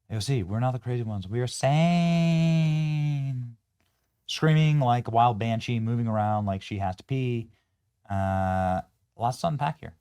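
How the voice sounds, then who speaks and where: A man hosts a political show, reacting to clips with sarcastic, scornful remarks. His commentary jumps from loud jeers down to low mutters.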